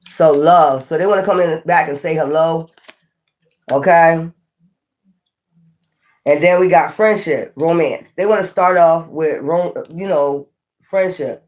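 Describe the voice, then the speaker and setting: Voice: medium pitch, measured pace, pauses often. A tarot reader giving a casual, chatty reading to viewers, blunt and slangy, often laughing.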